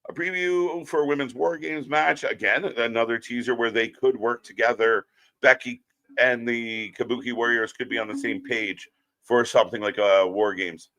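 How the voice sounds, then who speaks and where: Male live-stream host, bright, forceful tone, loose profane rambling banter. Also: mid-range voice, steady tone, moderate pace. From outside Ireland, Scotland and Britain. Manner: rambling, profane, jokey, reads chat aloud. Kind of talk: casual live stream chat reacting to wrestling and chat comments.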